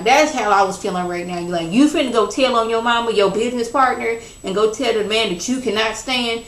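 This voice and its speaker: A woman's voice: on the high side, brisk, few pauses. Chatty woman recapping in an echoey room. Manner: chatty, slangy, peppered with "you know" and "like". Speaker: TV episode reviewer. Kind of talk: casual spoken recap.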